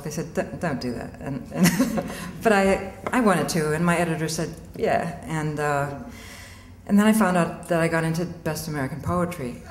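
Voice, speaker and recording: A woman's voice: low-pitched, slight background noise. A woman poet giving a poetry reading, blunt and wry, chatting and laughing between poems. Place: auditorium with audience. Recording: echoey hall, faint room ambience.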